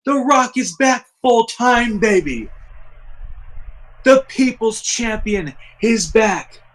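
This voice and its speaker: A man doing an impression of a boastful male pro wrestler, drawing out shouted catchphrases and trash-talking. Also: extremely high pitch, expressive, slow pace, pitched above the performer's own voice, full character voice, rough recording.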